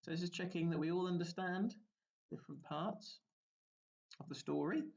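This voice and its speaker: A man, a primary school teacher giving a recorded lesson, explaining gently and asking the children questions. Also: high-pitched, moderate pace, gravelly, lo-fi sound.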